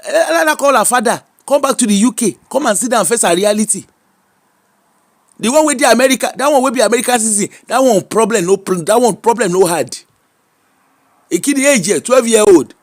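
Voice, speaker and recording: High-voiced Nigerian man giving emphatic advice. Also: animated, a little fast. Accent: Nigerian, Yoruba-inflected. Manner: preachy and emphatic, mixing Pidgin and Yoruba, frequent laughs. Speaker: social media commentator. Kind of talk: animated casual commentary.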